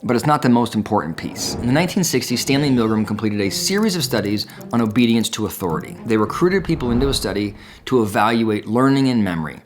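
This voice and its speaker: A man, a psychologist, explaining a classic study in an educational talk, telling it as a story. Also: mid-range voice. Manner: storytelling, acts out quoted dialogue.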